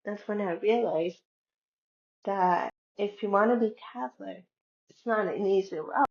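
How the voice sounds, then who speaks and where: Woman, casual vlog storytelling, chatty, unhurried, gravelly voice. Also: mid-range voice, highs cut off. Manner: chatty, retells conversations with many "I'm like" quotes. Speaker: vlogger.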